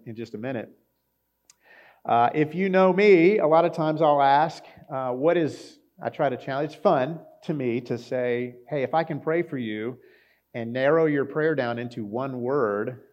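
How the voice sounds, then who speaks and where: A man's voice: mid-range voice, measured pace, darkish tone. Conversational pastor, man, slightly dull sound. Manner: conversational, with fillers and acted quotes. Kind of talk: sermon.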